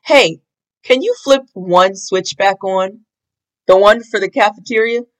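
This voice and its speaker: A woman's voice: mid-range voice, measured pace, close to an everyday voice. A woman doing Shaggy, a yelping jittery young guy. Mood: relieved. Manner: yelping, says "like". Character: jittery lanky young man, easily scared.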